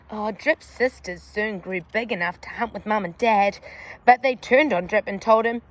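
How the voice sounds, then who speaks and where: A woman reading a picture book aloud to children in an animated, sing-song way, asking the listener questions along the way. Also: sits high, unhurried. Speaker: storyteller for children.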